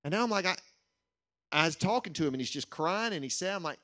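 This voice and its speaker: A middle-aged man preaching a sermon, telling a personal story in an earnest way and slowing down to stress key lines. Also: fairly high pitch, expressive, fairly bright tone.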